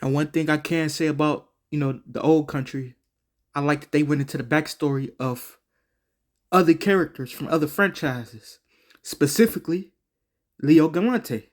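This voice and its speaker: High-voiced man ranting about a game. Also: moderate pace. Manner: slangy, profane, rambling with restarts. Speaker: game reviewer. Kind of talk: casual game review.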